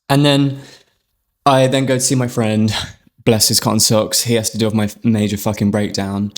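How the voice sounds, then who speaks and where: Young man, low-pitched, rambling and sweary, candid podcast storytelling. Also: steady tone, moderate pace. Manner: chatty, rambling, sweary, lots of "like". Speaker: podcast host.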